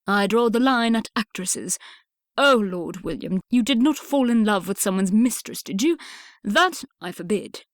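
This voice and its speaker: A woman reading an audiobook, voicing a blustering older Regency father who speaks in a booming, brusque and emphatic way. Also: animated, moderate pace, no room sound, studio quality, natural voice. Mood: stern.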